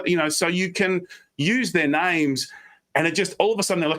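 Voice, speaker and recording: An Australian man giving online presentation tips on a video call, fast and animated, slipping into quick mock voices. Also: high voice. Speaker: guest speaker.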